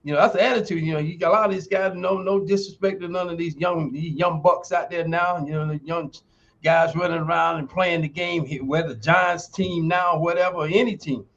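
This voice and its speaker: A man's voice: on the high side, fairly even intonation, fairly quick, fairly bright tone, muffled recording. A man in his sixties, a retired athlete telling stories in an interview, emphatic and folksy like a motivational coach. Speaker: guest, retired football player and university lecturer. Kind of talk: podcast interview storytelling.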